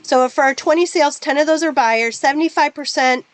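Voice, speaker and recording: A woman's voice: high voice, fairly quick, rough recording. A woman presenting a business planning webinar for real estate agents, asking the audience direct questions and walking them through sales math step by step. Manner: talks through numbers step by step.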